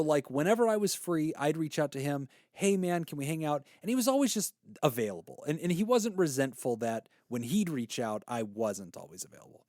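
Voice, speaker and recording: A man's voice: mid-range voice, no room sound, studio quality. A man in his thirties, a podcast co-host, telling a personal story in casual chat and acting out the voices he quotes. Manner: animated storyteller, acts out quoted voices, laughs easily.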